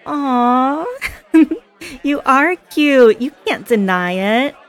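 A woman's voice: high voice, expressive, extremely slow, exaggerated voice. A woman playing a chatty, giggly party girl. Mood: teasing. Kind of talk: scripted audio role-play.

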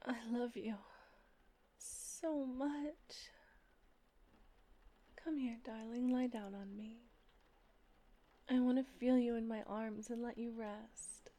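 A young adult woman voicing a loving female plush toy come to life in an intimate audio role-play, breathy and affectionate. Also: a little high, flat delivery, normal speed, few pauses, natural voice. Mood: tender.

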